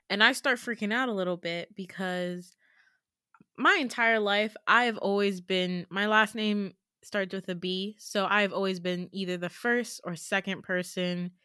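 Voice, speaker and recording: Animated young woman telling a story. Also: mid-range voice, dry recording, studio quality. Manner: animated, laughing, swearing freely. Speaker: podcast host. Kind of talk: casual storytelling.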